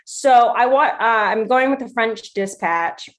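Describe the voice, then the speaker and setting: Woman, podcast co-host, somewhat high voice, lively casual talk. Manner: animated, laughing, fast asides. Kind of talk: casual chat.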